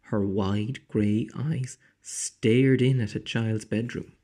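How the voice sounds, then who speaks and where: A man teacher reading a children's storybook aloud slowly, dropping into dramatic whispers. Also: lowish voice, fairly even intonation, mellow.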